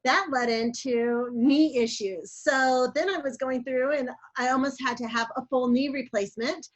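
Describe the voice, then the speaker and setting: A woman's voice: high-pitched, fairly even intonation, normal speed. An older woman, her voice affected by allergies, telling her story in a chatty, rambling way with many fillers. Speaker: coaching client. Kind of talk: casual interview storytelling.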